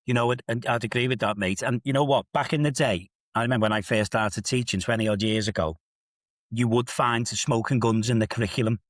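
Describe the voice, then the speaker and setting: A man's voice: mid-range voice, fairly even intonation, brisk, no echo, studio quality. A man in his fifties with a Liverpool accent, an assistant head teacher telling stories with emphatic, rhetorical asides in a podcast discussion. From England.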